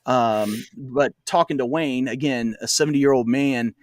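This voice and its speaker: A man's voice: medium pitch, measured pace, dry recording. Chatty man telling a trail story. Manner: rambling, laughs often, many fillers. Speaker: podcast co-host. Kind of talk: casual storytelling chat.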